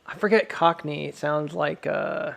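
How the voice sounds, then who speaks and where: Gravelly-voiced American man chatting on stream. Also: a little high, unhurried, fairly bright tone. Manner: laughs often, rambling and self-amused. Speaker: live-stream host. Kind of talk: casual stream chat.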